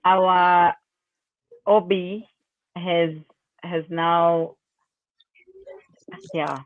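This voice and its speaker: Slow-talking South African woman, dry sound. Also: on the low side, little pitch movement, no room sound, narrow, tinny audio. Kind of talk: casual chat.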